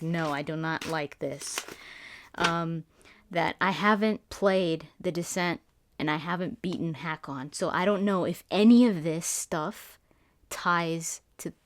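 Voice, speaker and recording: A woman with a fairly low voice talks through a game trailer in a casual, excitable ramble. She restarts her sentences often as her thoughts run ahead of her. The sound is dry and close, with little room around it. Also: no room sound. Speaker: gaming YouTuber doing Let's Plays.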